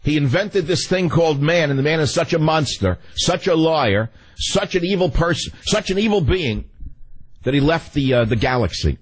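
Talk radio host, man, husky voice, sarcastic rant with big pitch swings. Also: lively intonation, normal speed, low-quality recording.

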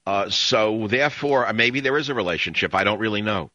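A man's voice: on the low side, fairly quick, bright, forceful tone, no room sound. A man hosting a call-in radio show in a studio, rambling and sardonic with strong opinions. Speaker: radio talk show host. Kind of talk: talk radio monologue and call-in. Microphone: studio microphone.

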